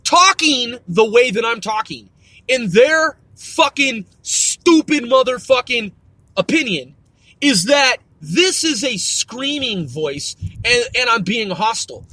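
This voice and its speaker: A man's voice: extremely high pitch, sing-song, slow, sharp tone, dry recording. A man hosting a podcast, delivering a profane, emphatic, stern rant. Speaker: podcast host. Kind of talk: ranting podcast monologue.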